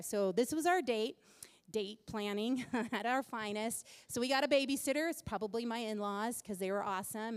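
A woman in her thirties telling a self-mocking story to an audience at a church event, animated and laughing at herself. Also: fairly high pitch, in a large hall.

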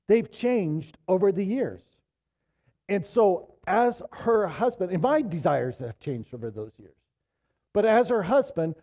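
A man in his fifties, a pastor preaching a sermon in a casual, conversational way, swinging from loud emphasis to low, quiet appeals. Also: lo-fi sound.

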